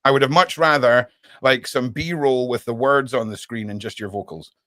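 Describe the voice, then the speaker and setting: A man's voice: medium pitch, normal speed, pushed and bright, dry recording. A man co-hosting a podcast in casual chat, talking bluntly and rambling with no filter. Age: adult, with a daughter. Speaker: podcast co-host.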